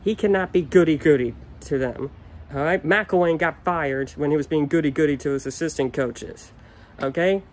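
A young man in a solo rant, upset and frustrated, his voice sitting a little high. He repeats himself and swears as he vents. The talk is off the cuff, a casual video to the camera. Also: normal speed. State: upset and furious. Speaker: sports fan ranting on video.

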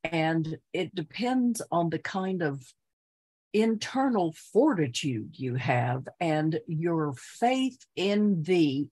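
Lively, husky woman. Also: deep voice. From Texas. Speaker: guest. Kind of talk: casual chat.

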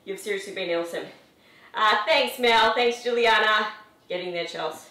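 A woman with a mid-range, bright and forceful voice coaches a live workout from her home studio at a moderate pace, counting out reps with upbeat encouragement as a fitness instructor. The room is echoey and the mic sits at a distance.

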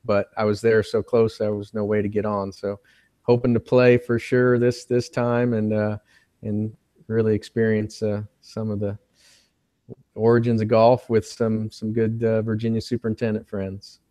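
A man, a university professor, speaking as a guest on an interview podcast in an even, plain-spoken way. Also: fairly low pitch, normal speed, no echo, clean studio sound. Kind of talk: casual interview chat.

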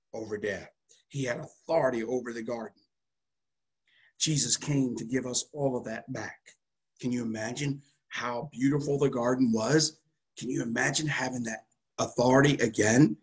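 A man's voice: mid-range voice, breathy edge. A man preaching a fervent sermon as pastor, calling out to the congregation and breaking into hallelujahs.

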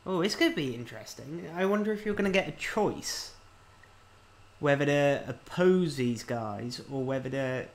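A man with a slightly higher-than-average voice talks his way through a video game. He reads the on-screen text aloud in a relaxed, offhand way and mutters his thoughts between lines. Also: moderate pace. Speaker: let's-play host. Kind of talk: casual video game commentary.

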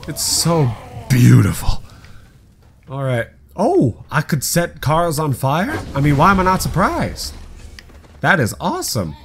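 A man doing excitable let's play commentary, rambling and swearing often. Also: a little high, slow, long pauses, a little hiss or hum. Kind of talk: gameplay commentary.

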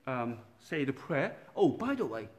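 Male priest, slow unhurried delivery, gentle halting talk, lo-fi sound without a microphone. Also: medium pitch, sing-song. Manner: halting and gentle, many fillers and restarts. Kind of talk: informal night prayer talk. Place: dark church room by candlelight. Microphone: no external microphone, built-in device mic.

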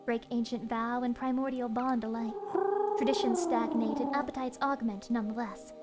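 A woman voicing a solemn ancient owl oracle from a game, reading archaic lines slowly and gravely. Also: fairly high pitch, over loud music, voice pushed down, close to an everyday voice. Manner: slow, grave, archaic recitation. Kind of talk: reading game dialogue aloud in character.

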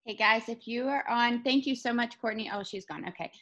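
A woman hosting a video call, giving an energetic, emphatic motivational talk to her team. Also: a little high, a little fast, lo-fi sound. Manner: energetic and emphatic, rising to excited peaks.

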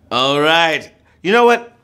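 A man hosting a live trivia game show, playful and joking, with loud whoops. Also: fairly high pitch, clean tone.

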